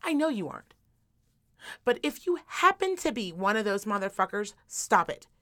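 A woman co-hosting a podcast, telling a story as a profane, animated rant and mocking the people in it. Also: medium pitch, moderate pace. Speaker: podcast co-host. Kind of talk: casual ranting chat.

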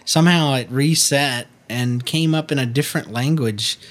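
A man's voice: medium pitch, normal speed, a bit bright. A man hosting a casual family video, chatting and teasing his child in a playful way, laughing often. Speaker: parent and video host.

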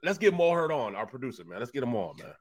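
A male sports talk co-host spinning a story in an animated, casual way. He stumbles over repeated words as he gets worked up. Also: medium pitch, quick pace, a crowd in the background. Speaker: co-host, former football player.

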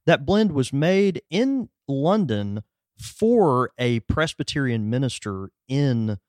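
A man co-hosting a casual podcast, rambling through explanations with plenty of fillers. His voice moves animatedly in pitch. It is recorded dry and close. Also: big pitch swings, slow, a little mellow, no room sound. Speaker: podcast host.

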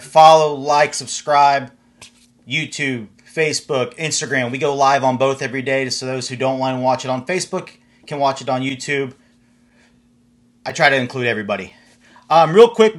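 A man hosting a casual live-streamed chat show, upbeat and full of "um" fillers and shout-outs. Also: mid-range voice. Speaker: host.

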